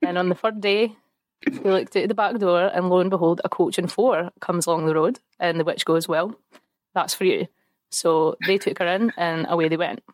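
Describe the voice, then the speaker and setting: A woman's voice: on the low side, fairly even intonation, a little fast, dry recording. A young woman retelling a folktale in casual chat, laughing often and adding playful asides. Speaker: podcast co-host.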